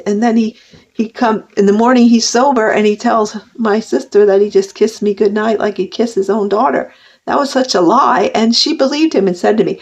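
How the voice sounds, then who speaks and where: Older woman, gravelly, confessional vlog talk that wanders and restarts, lo-fi sound. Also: mid-range voice, a little mellow. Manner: rambling, heartfelt, with frequent restarts. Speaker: vlogger. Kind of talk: personal confessional monologue. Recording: dull lo-fi recording.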